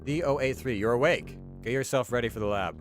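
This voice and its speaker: A man voicing a calm, detached male lab researcher who questions a test subject in a flat, clinical way. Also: medium pitch, a little fast, faint music behind, lightly acted. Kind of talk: voiced game reading.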